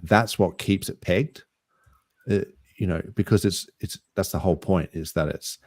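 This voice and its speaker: A man with an Australian accent co-hosting a casual podcast chat, relaxed and rambling with easy laughs. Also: low voice, moderate pace, no echo, clean studio sound. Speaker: podcast co-host.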